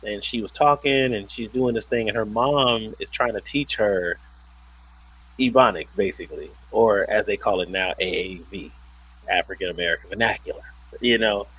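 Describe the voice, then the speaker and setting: A man co-hosting a podcast in casual chat, telling stories with an animated delivery and mimicking voices. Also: fairly low pitch, moderate pace, slight background noise, low-quality recording. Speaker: podcast co-host.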